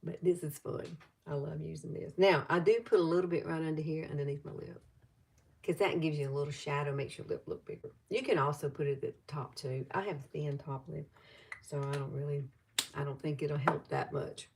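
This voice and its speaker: A woman's voice: sits low, steady tone, fairly quick, vocal fry, a little mellow, slight background noise. A woman over fifty with a Southern US accent, chatting loosely through a live makeup tutorial and greeting viewers as she goes. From Alabama.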